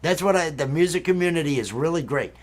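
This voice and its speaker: A man's voice: fairly high pitch, expressive, fast talker. Rambling easygoing male livestream host. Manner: rambling, many fillers. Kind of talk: casual chat on a livestream.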